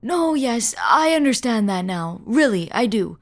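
A frail old man near the end of his life, gruff but kindly, as a woman reader puts him on. He talks in a folksy, worn-out way, with sighs and coughs between words, in a voice that sits rather high for a man. An audio horror story told by a single reader. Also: very animated, measured pace. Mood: earnest. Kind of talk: audio fiction reading.

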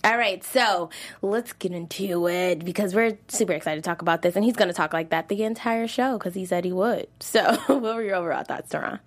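A woman hosts a relaxed TV recap show with her co-host. She talks in a lively, chatty way, often laughing and teasing with slang. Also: fairly low pitch, a little fast. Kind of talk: casual TV recap chat.

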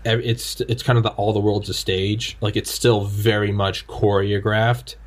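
A low-pitched man hosts a casual podcast interview. He tells stories in a loose, rambling, animated way, full of fillers and restarts. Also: moderate pace, noisy background. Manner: rambling, animated storytelling with frequent filler words. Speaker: podcast host.

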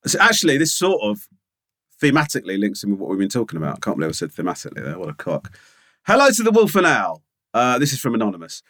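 Man, quick talker, lively pitch, teasing banter, podcast co-host. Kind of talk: casual chat.

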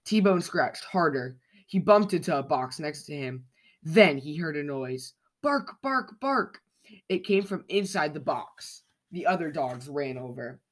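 A host reading a children's storybook aloud with clear, expressive narration. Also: medium pitch, measured pace. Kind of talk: storybook read-aloud for kids.

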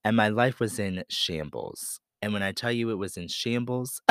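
A man's voice: mid-range voice, animated, measured pace, hardly any pauses, sharp tone, clean tone, no room sound, studio quality. A man from Pennsylvania who hosts a podcast, telling a personal story in an earnest, candid and confessional way. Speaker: podcast host.

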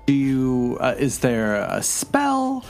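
A man's voice: mid-range voice, wildly swooping pitch, slow, creaky, a little mellow, soft background music, full character voice. A man playing an overly polite, wordy bard who stammers out long apologies and questions. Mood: curious. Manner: rambling, apologetic, stammering courtesy.

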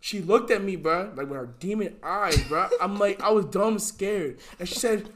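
A man's voice: sits high, moderate pace, over a noisy crowd. A young man, a podcast guest, telling a story in casual slang, keeps saying "bro" and breaks into laughing fits.

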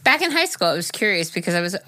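A woman co-hosting a casual podcast chat, relaxed and rambling, laughing easily. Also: lowish voice, fast, slight background noise. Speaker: podcast co-host.

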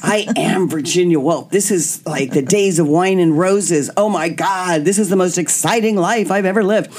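A woman's voice: lowish voice, normal speed. A woman guest candidly telling a personal story, acting out what people said. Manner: animated, acts out quotes.

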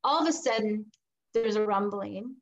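A woman's voice: medium pitch, moderate pace, lo-fi sound. A middle-aged woman, a guest in an interview, telling a personal story with animation and acting out the voices she quotes. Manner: animated, acts out quoted voices, laughs between lines.

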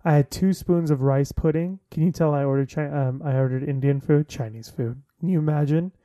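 A man's voice: fairly high pitch, fairly even intonation, a little fast, warm tone, no room sound, studio quality. A man in his thirties chatting casually to his listeners, jokey and full of fillers. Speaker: vlogger.

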